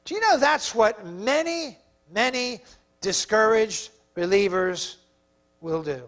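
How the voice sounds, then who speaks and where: Male pastor, very high-pitched, emphatic preaching. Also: expressive, takes it slowly, fairly bright tone. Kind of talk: sermon.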